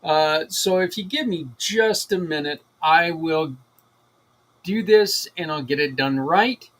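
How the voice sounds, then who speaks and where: Middle-aged male host, slightly high voice, rambling and enthusiastic. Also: slow pace, fairly bright tone. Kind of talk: casual livestream talk.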